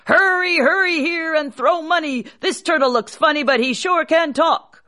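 A woman's voice: very animated, moderate pace, a bit bright, breathy edge, heavily acted. A woman voicing a greedy, bossy elder brother who demands and barks orders. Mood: shouting angrily. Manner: demanding, barking, shrill.

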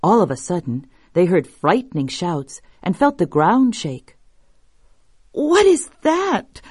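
A woman reading folktales aloud as a storyteller, measured and expressive. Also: fairly low pitch, husky, dry recording, clean studio sound. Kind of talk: scripted narration of folktales.

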